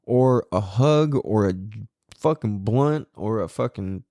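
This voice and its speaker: Man in his forties, podcast host, gravelly lively voice, mellow tone, dry close sound, swears and laughs a lot. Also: lowish voice, slow, no room sound. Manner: animated, profane, laughs often. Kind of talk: casual storytelling monologue.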